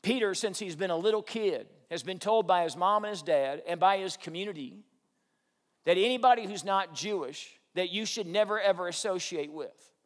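Animated male preacher in a reverberant hall. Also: high voice, normal speed. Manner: animated preaching, rhetorical questions to the congregation. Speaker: pastor. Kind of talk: sermon.

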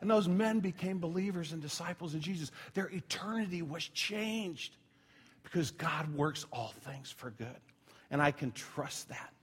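A man's voice: a little high, animated, a little slow, slightly rough. Conversational middle-aged male pastor preaching. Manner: conversational preaching with self-corrections and asides; drops to a near whisper when telling a quiet story. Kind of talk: sermon.

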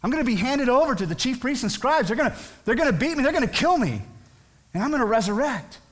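A man putting on the voice of a calm, confident young male teacher who speaks with quiet conviction. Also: very high-pitched, quick pace, pitched above the performer's own voice, full character voice. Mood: urgent.

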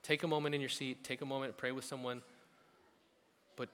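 Man, pastor, casual sermon, forceful, long hall reverb. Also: medium pitch, fairly quick. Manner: casual, animated storytelling. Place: church service hall.

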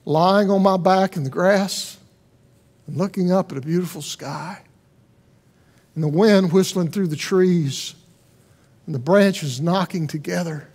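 Male pastor, high-pitched, earnest conversational sermon delivery with rhetorical questions. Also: a little mellow.

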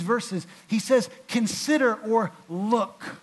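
A man preaching a sermon in an earnest way, often repeating words and restarting, and growing louder when he voices pleas. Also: measured pace. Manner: rises louder and higher when voicing the psalmist's pleas. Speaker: pastor.

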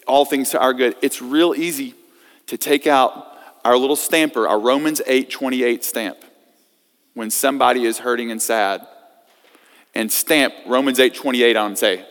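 A man preaching a sermon as pastor, swinging from loud emphasis to hushed scripture reading. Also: medium pitch, normal speed. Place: church sanctuary. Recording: long reverb of a church hall.

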